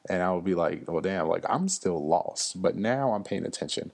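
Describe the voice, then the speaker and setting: A man in his 30s hosts a solo podcast, telling stories loosely and chattily with frequent fillers and laughs. His low voice is animated and a little mellow, with vocal fry, at a normal speed.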